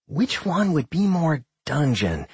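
A man voicing a cheerful, excitable male dungeon spirit who gets loud when alarmed. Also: a little high, takes it slowly, breathy edge, no echo, pitched above the performer's own voice, full character voice. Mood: puzzled.

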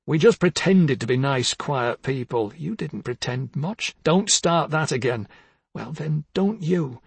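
Man voicing a bitter, bullying husband, husky, slightly high, for a dramatic audiobook. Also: dry recording, exaggerated voice. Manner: bitter, accusing, swings from hushed to harsh. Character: bitter, jealous older husband, bullying and weary.

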